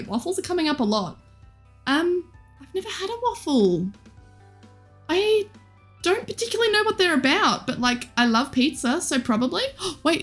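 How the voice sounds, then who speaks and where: A young woman in her twenties, live streaming and chatting casually with viewers in a bubbly, giggly, teasing way. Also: high-pitched. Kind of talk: casual chat reading viewer comments.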